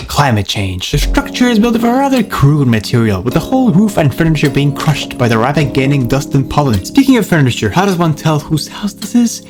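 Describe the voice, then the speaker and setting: A man narrates in mock noir detective style, his pitch sitting a bit high and swinging widely from line to line. His delivery is dramatic and over the top. Music plays clearly behind his voice-over.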